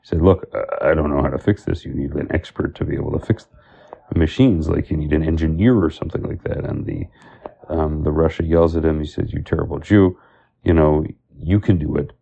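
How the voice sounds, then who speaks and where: A man's voice: a bass voice, steady tone, brisk, creaky, dark tone, slightly rough, muffled recording. A man giving an informal Torah talk, telling stories and stopping often for fillers. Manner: storytelling with many fillers and Hebrew terms. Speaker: Torah teacher.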